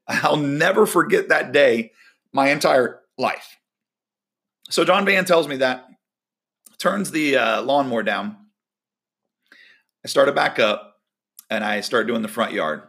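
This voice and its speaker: Gravelly-voiced man telling a devotional story. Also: medium pitch, slow, pauses often, a bit bright. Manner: storytelling, acts out quoted dialogue. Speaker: volleyball coach. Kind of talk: casual devotional talk.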